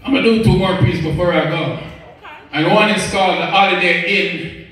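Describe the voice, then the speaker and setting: A man's voice: sits high, moderate pace, a bit bright. A man performing spoken word poetry on the radio, reciting in a rhythmic, rhyming, preacher-like cadence. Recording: echoey, distant from the mic.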